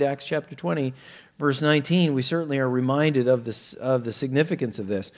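Earnest preacher in an echoing hall. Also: male voice, medium pitch. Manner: earnest, measured teaching with hesitations and fillers. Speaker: pastor. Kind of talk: sermon.

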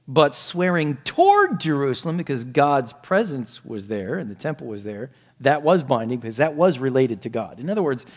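A man preaching a sermon, explaining a scripture passage in an earnest, conversational way and asking his listeners questions. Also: fairly high pitch. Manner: earnest, explanatory, shifts to quiet prayer. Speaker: pastor.

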